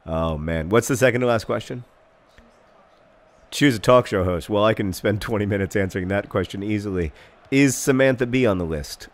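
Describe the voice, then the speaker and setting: A man in his thirties hosting a casual gameplay video, rambling through asides and breaking into excited shouted commentary. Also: fairly low pitch, a little fast. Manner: excitable, bursts into shouted mock-epic commentary and chants; rambling, self-deprecating asides. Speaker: gaming video host.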